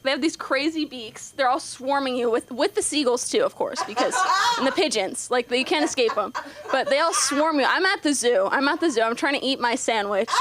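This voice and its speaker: A young woman doing her first stand-up set, nervous and rambling with lots of ums and likes. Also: high voice. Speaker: first-time stand-up comic. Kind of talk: open-mic stand-up set. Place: comedy club stage. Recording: live club audience noise.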